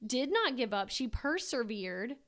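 Gushing woman with a smooth higher voice. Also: very animated, measured pace, fairly bright tone. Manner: emotional, gushing, tearful at times. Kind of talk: casual faith chat.

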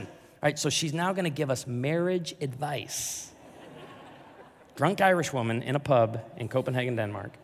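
A male pastor telling a jokey, animated story in a sermon, with big swings in volume. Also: mid-range voice, normal speed. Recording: large hall reverb.

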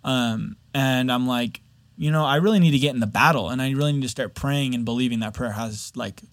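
A man's voice: mid-range voice, fairly quick, dry recording. A young man giving a personal faith testimony, speaking in an open, candid and earnest way. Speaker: video editor sharing a faith testimony.

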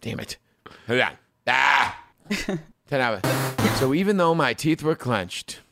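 A man's voice: mid-range voice, lively intonation, takes it slowly, vocal fry, bright, forceful tone. A man co-hosting a podcast, chatting casually and crudely, often laughing and breaking into silly bits. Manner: jokey, crude, bursts into laughs and silly singing. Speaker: podcast co-host. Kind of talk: casual comedic chat.

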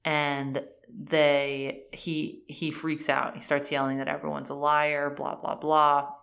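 A woman's voice: low-pitched, flat delivery, slow pace, gravelly, fairly bright tone. A woman in casual chat, animatedly retelling a TV series' plot and acting out the characters' lines with many "like"s. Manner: frequent fillers "like" and "um".

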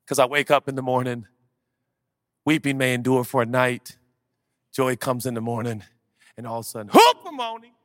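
A man in his forties preaching a sermon to a church crowd, animated and playful, swinging from hushed to loud. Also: mid-range voice, normal speed, pauses often, no echo, clean studio sound. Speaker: pastor. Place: large church auditorium.

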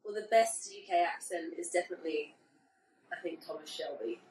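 A woman from England chatting as a guest on a podcast, lively and playful. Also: on the low side, a little fast. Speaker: guest, boxer. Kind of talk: casual podcast chat. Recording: roomy, slightly distant, faint background noise.

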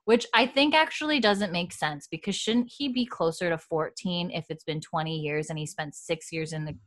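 A woman co-hosting a podcast, rambling and animated in casual recap chat. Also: fairly low pitch, moderate pace, no room sound, clean studio sound. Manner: rambling, animated, laughs often. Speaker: podcast co-host.

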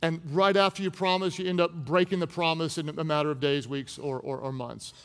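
A man delivering a sermon in a large, reverberant hall, his voice pitched high for a man. He acts out the people he quotes and swings between loud, urgent lines and low, hushed ones. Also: steady tone, fairly quick. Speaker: pastor.

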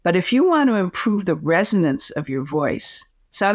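A woman, a communication coach, giving advice as a podcast guest in an expressive, demonstrative way. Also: lowish voice, normal speed, no room sound, studio quality. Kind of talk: podcast interview.

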